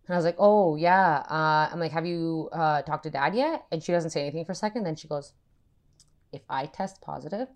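A woman's voice: low voice, fast talker, hardly any pauses. A woman co-hosting a podcast, telling a family story in casual chat, swearing often and acting out her relatives' lines. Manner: animated, swears a lot, acts out family members. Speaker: podcast co-host.

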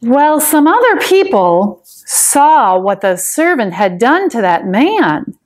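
A woman teaching a Sunday school lesson, telling a Bible story to children in a gentle, expressive way. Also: on the high side, takes it slowly.

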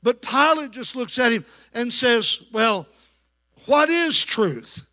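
A male pastor preaches slowly in a church, his very high, bright voice forceful and full of lively intonation. He pauses to call out for amens, leading the congregation in call-and-response.

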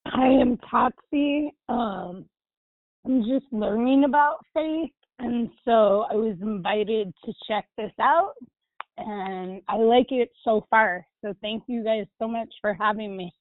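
A woman's voice: a little high, takes it slowly, no echo. A woman calling in for the first time to a church phone line, polite and a little shy. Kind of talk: phone call.

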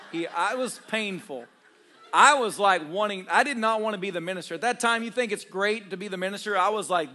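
A man's voice: sits high, animated, a little fast, background noise. A man preaching a storytelling sermon as a pastor, humorous and self-deprecating, laughing often as he talks straight to his congregation. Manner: conversational, addresses congregation directly.

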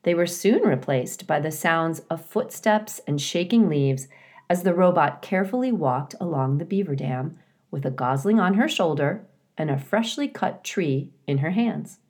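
A woman teacher reading a storybook aloud to her class in a calm, clear, measured way. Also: sits low.

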